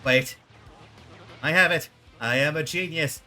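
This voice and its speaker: A man hamming up a vain, cowardly leader who speaks in grand, self-important flourishes. The voice sits slightly high and bright, with quiet game music underneath. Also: measured pace. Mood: pompous. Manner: theatrical, self-important, dramatic.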